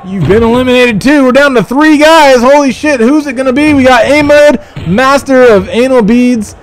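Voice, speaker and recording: Excitable high-voiced man calling wrestling. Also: normal speed, some chatter behind. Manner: excitable, profane, shouting calls. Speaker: livestream host. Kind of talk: excited play-by-play wrestling commentary.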